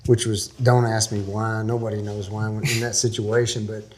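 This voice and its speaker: Folksy low-voiced man telling a story. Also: little pitch movement, normal speed, a little mellow, slight background noise. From Texas. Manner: folksy, rambling, laughs while telling. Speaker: interview guest. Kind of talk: storytelling in a podcast interview.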